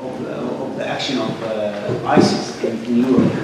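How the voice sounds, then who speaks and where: A man moderating a panel, asking questions haltingly with many fillers. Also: medium pitch. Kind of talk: panel discussion. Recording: echoey hall, distant mic, loud noise.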